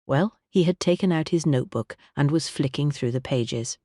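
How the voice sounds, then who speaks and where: A measured audiobook narrator reading a classic country-house mystery in an even storytelling voice. The pitch is middling and the recording is dry and close, with no room around it. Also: dry recording. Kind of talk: scripted narration of a mystery novel.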